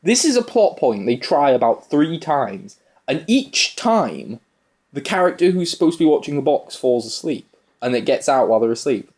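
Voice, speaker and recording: A man's voice: mid-range voice, very animated, moderate pace, a little mellow. A young man from the UK on a film review podcast, animatedly retelling scenes and laughing as he talks. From United Kingdom. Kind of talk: casual chat.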